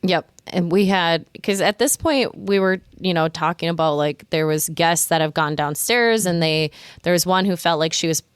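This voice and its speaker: Low, smooth-voiced woman co-host. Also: moderate pace, no room sound, studio quality. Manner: animated, slips into quoted voices. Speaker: podcast co-host. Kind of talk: casual chat recapping a TV episode.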